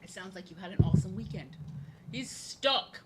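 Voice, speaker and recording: With a medium-pitched, animated voice at a moderate pace, the streaming artist chats as she draws, though the recording is very noisy. Her talk is casual, rambling and jokey, with phrases repeated.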